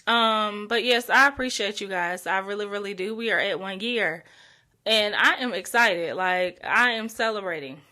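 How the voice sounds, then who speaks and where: The young North Carolina woman talks alone on her podcast, sincere and conversational, peppering her speech with likes and ums. Her mid-range voice moves at normal speed and has a sharp tone.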